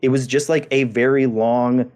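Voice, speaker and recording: A man's voice: medium pitch, fairly even intonation, moderate pace, a little mellow. A man co-hosting a games podcast, talking casually and often repeating words as he thinks. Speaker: podcast co-host. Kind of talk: casual chat.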